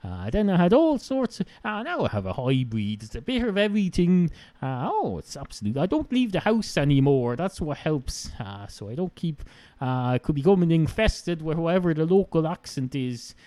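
A man's voice: on the high side, very animated, normal speed, warm tone, no echo. A man with an Irish accent hosting a rambling solo podcast, full of "uh" fillers and self-mocking asides. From Ireland. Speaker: podcast host.

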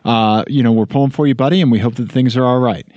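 A man's voice: medium pitch, quick pace, a little mellow, no echo, lo-fi sound. A man co-hosting a casual podcast, joking and rambling with lots of fillers, recorded at home. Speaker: podcast co-host. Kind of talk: casual chat. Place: home blanket fort.

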